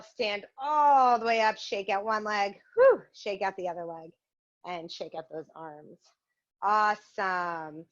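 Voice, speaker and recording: A woman leading a virtual yoga and mindfulness class, guiding poses and a game in an upbeat, encouraging way. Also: mid-range voice. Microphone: video call. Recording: muffled video-call audio.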